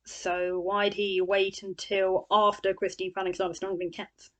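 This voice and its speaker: A woman's voice: mid-range voice, level tone, measured pace, low-quality recording. A woman gives a chatty, sarcastic spoken review of a book, full of scornful asides.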